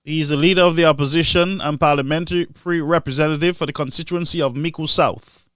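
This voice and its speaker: Man, fiery live-stream pundit, higher-pitched, dry close sound. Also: quick pace, no echo. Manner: animated, mocking, swings between loud outbursts and low asides. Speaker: live-stream political commentator. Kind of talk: impassioned political commentary.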